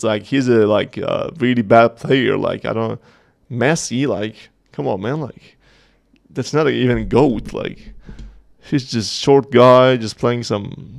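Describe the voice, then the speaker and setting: Gravelly-voiced man chatting on a livestream. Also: medium pitch. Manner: chatty, joking, reading chat aloud. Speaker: host of a community livestream. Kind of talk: casual livestream chat.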